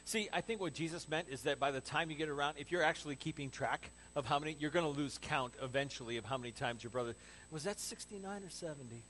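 A man preaching a sermon in an animated, conversational way with joking asides, as pastor. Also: fairly high pitch, fast, hardly any pauses, a little hiss or hum, rough recording.

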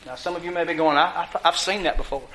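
High, bright-voiced preacher. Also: male voice, steady tone, fast talker. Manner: folksy, conversational preaching with rhetorical questions. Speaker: pastor. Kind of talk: sermon. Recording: echoey room.

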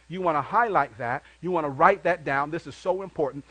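High-voiced preaching pastor, dry sound. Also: male voice, fast, few pauses, dry recording, rough recording. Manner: call-and-response preaching, rising into loud exclamations. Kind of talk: sermon.

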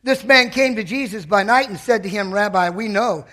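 A man preaching with real fire in a church, his voice sitting high for a man and ringing bright and forceful. He swings from steady teaching into sudden loud, shouted bursts. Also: moderate pace. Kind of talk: sermon.

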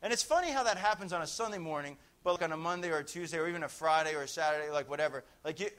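A middle-aged man preaching a lively sermon, telling stories to his congregation. His voice sits high and sounds bright and forceful. Now and then he shouts a phrase out loud. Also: rapid-fire, hardly any pauses. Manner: animated storytelling, shouting out phrases.

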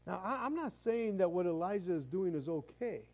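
A male pastor preaches in a casual, conversational way, often doubling up his words. His voice sits fairly high for a man and has a warm, mellow tone. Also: lively intonation, brisk, lo-fi sound. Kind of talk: sermon.

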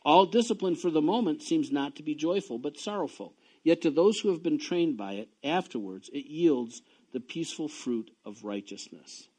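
A man preaching a sermon, reading scripture and telling personal stories, swinging from quiet low talk to loud excited bursts. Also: normal speed, hardly any pauses, slightly rough. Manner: reads scripture aloud between personal asides. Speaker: pastor.

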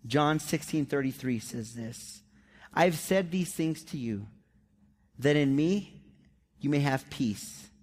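A man's voice: medium pitch, darkish tone. A male pastor giving a conversational sermon, acting out the quotes of everyday people in a raised voice.

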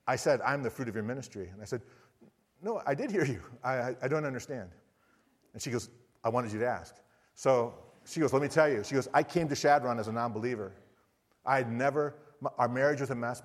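A man giving a sermon, telling a missionary story animatedly and closing in prayer. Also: mid-range voice. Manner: animated storytelling, quoting others in voices. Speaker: missionary preacher. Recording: long reverb in a hall.

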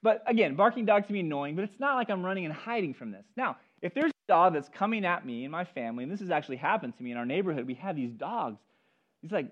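During a church service, a pastor preaches a sermon full of stories, addressing the congregation and its children directly. His voice is fairly high, and the recording sounds lo-fi.

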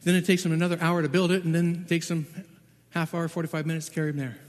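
Halting, higher-voiced man in a reverberant hall. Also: level tone. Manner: halting, repeats words, grows urgent and loud in tense moments. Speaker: Bible translator. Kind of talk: personal testimony storytelling.

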